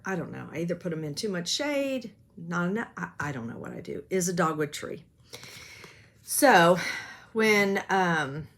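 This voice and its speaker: A woman chatting casually about her stitching projects, rambling and self-deprecating, with lots of ums. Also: lowish voice. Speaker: cross-stitch vlogger. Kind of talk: casual show-and-tell chat.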